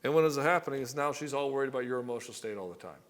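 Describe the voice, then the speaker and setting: With a mid-range voice, lively intonation and a very fast pace, a man gives husbands direct-to-camera relationship coaching. He's blunt and casually profane, playing both partners in quick skits.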